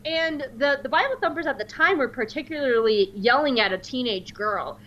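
A woman in casual podcast chat, telling animated stories and jumping up high when she mimics other people. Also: normal speed, lo-fi sound. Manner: animated storyteller, mimics voices with high squeals.

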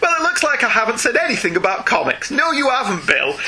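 Lively, bright-voiced man co-hosting a chat. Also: very high voice, fast, crowd noise. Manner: laughs often, reads emails aloud. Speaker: podcast co-host reading listener emails. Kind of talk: casual chat.

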